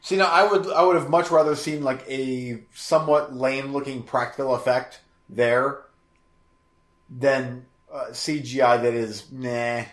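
A man's voice: medium pitch, steady tone. A man co-hosting a casual movie commentary podcast, joking and teasing as he chats. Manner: joking, teasing, quick to laugh. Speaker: podcast co-host. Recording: echoey room.

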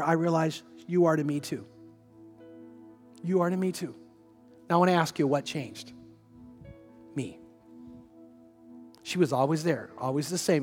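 Male pastor, conversational storyteller, raised pitch, faint music underneath. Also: big-room sound. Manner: storytelling, conversational, with repeated rhetorical questions. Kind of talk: sermon.

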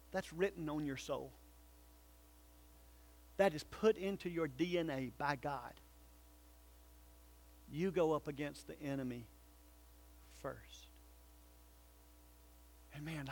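Animated high-voiced preacher man. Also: slightly rough. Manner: animated preaching, swinging from loud calls to hushed pleading. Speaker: pastor. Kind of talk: sermon.

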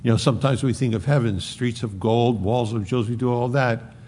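A man preaching a sermon in a conversational, rambling way, with dramatic drops into soft, low tones. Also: steady tone, fairly quick.

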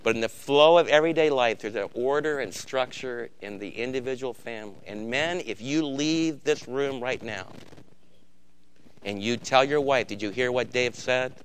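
A middle-aged male pastor delivering a sermon, swinging from loud emphatic bursts to quiet, intense stretches. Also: mid-range voice, moderate pace, clear, resonant tone.

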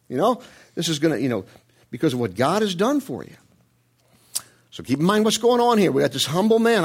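A man preaching and retelling a Bible story in a conversational, animated way, jumping up in pitch and often restarting his words. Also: brisk, slightly rough.

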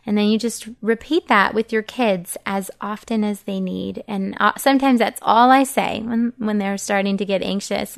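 A woman's voice: mid-range voice, fairly even intonation, moderate pace, gravelly, hardly any pauses. A woman in her thirties, a mother teaching other parents how to learn Bible verses with their children, talking casually, earnestly and encouragingly, and walking through each step.

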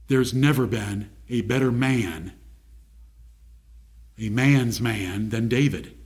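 A man's voice: medium pitch, measured pace, darkish tone, breathy edge. A man preaching a sermon, reading scripture aloud and asking his listeners direct questions.

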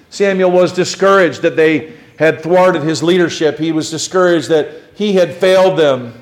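A middle-aged pastor preaching a sermon, his voice sitting a little high for a man. He pushes some lines out loud and drops others to a low hush. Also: normal speed, hardly any pauses. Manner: preaching with swings between loud emphasis and quiet low lines.

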